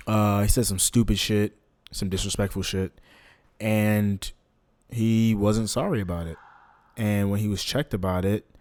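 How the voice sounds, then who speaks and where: A man's voice: on the low side, steady tone, a little slow, a little mellow. A young man hosting a podcast, talking loosely with slang and plenty of filler. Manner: laid-back, loose, lots of ums and slang. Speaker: podcast host. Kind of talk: casual podcast monologue.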